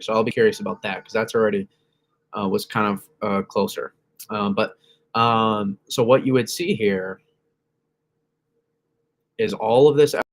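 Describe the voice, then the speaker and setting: A man hosting a casual weather stream, rambling through model maps, often correcting himself and reacting to chat. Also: fairly low pitch. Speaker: weather channel host. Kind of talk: casual livestream weather analysis.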